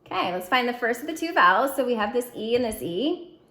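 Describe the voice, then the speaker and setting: A woman teaching a phonics lesson, drilling syllables slowly and clearly with encouraging prompts. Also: on the high side, big pitch swings, pushed and bright. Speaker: reading teacher. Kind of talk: phonics lesson to young students.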